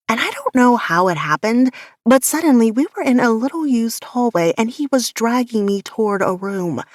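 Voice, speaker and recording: A woman narrating an audiobook in the first person with a measured, softly intimate delivery. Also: medium pitch, no echo, clean studio sound.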